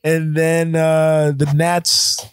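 A man hosting a casual sports podcast, chatting about the playoffs with quick asides and frequent ums. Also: fairly high pitch, monotone, clear, resonant tone, dry recording.

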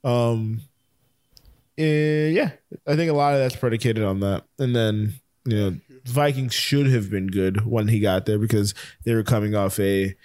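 Excitable rambling man, dry sound. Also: on the low side, unhurried, dry recording. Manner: rambling, excitable, lots of fillers. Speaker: podcast co-host. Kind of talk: casual sports chat.

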